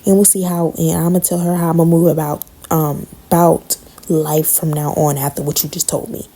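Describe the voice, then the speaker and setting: A woman quoting a pushy, confrontational middle-aged woman who badgers with repeated demands, in a low, gravelly, husky voice. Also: level tone, normal speed, mellow. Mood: badgering.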